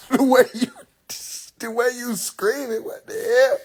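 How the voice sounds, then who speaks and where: A man's voice: high voice, moderate pace, slightly rough. A young man telling a funny story from his childhood in a casual monologue, laughing often and swearing freely. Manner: animated, laughing, profane. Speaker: streamer.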